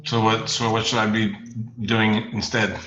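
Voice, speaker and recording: A man hosting a podcast interview, asking probing questions in an animated way and playing devil's advocate. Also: on the low side, normal speed, roomy sound, muffled recording, background noise. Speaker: podcast host.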